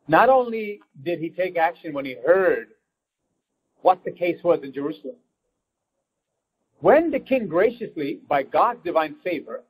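A man's voice: sits high, husky, poor audio. A man preaching a fervent sermon as pastor, breaking into prayer addressed to God.

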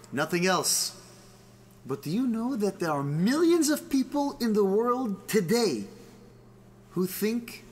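A male storyteller addressing children with a lively, swooping delivery. His voice is bright and fairly high, and he mixes Yiddish and Hebrew terms into his English. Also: a little hiss or hum.

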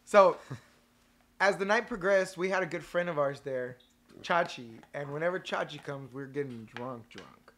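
A man's voice: fairly high pitch, unhurried. A young man on a casual podcast, telling a story with lots of swearing and acting out the other people's lines. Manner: animated storyteller, swears a lot, acts out quotes. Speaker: podcast co-host, band member.

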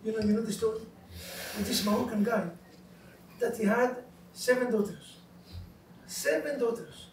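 A high-pitched male rabbi teaches a couples class with animated stories, quizzing his listeners in broken English. His voice rings through a roomy hall and is picked up from far away. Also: moderate pace, pauses often, a little hiss or hum. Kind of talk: lively teaching with jokes. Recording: roomy echo, recorded from far off.

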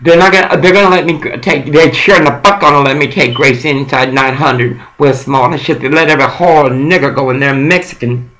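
A man's voice: mid-range voice, a little fast, few pauses, fairly bright tone. A middle-aged man on a one-sided phone call, rambling, coaxing and profane. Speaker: caller.

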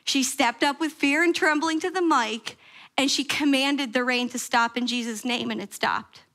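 A woman pastor giving a sermon, telling a story with lively acted-out quotes and questions to the congregation. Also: normal speed. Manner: animated storytelling, acting out quoted prayers with sharp pitch jumps. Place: church sanctuary.

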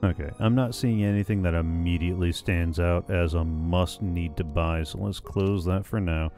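Deep-voiced man giving relaxed game commentary. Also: moderate pace. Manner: relaxed, wry, thinking aloud. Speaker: gaming let's-play host. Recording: voice over game audio with faint music.

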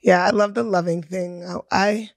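A woman's voice: lowish voice, steady tone, moderate pace, dry recording, studio quality. A young woman co-hosting a podcast, reflective and thinking aloud in casual chat. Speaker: podcast co-host.

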